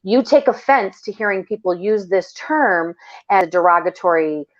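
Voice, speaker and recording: A woman's voice: mid-range voice, expressive, normal speed, lo-fi sound. A woman co-hosting a podcast, talking in casual chat, blunt and impassioned, swearing freely. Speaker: podcast co-host.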